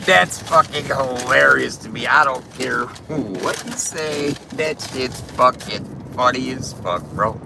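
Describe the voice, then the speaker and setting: A man's voice: medium pitch, slow, vocal fry, few pauses. A man chatting while driving, cursing a lot and laughing at his own joke. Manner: profane, laughing, self-amused. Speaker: vlogger. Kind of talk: casual chat while driving. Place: inside a car. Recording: car engine noise.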